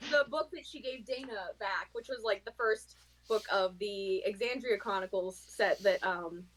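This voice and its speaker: A woman's voice: medium pitch, normal speed, fairly bright tone, low-quality recording. A woman playing a tabletop game on stream, catching the others up with playful indignation. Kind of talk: casual livestream chat.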